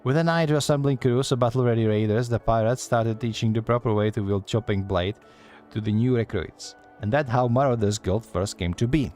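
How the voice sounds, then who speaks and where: Soft music plays behind a man whose medium-pitched, darkish, natural voice moves briskly. He voices a teasing female guild receptionist from a game in a put-on Scottish accent, reading her lines in a folksy, yarn-spinning way.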